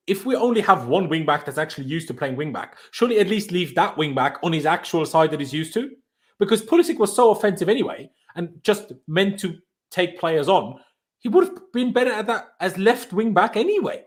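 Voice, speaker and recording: A man hosting a casual online fan panel, chatting and passing questions to his guests over a video call. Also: fairly high pitch. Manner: fast, chatty, hands the floor to others. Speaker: host of a fan reaction panel.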